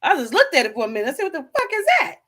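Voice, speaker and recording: A woman vlogging, telling a comic story to camera in an animated, profane way, with bursts of laughter. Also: high-pitched, rapid-fire. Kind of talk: casual comedic storytelling to camera.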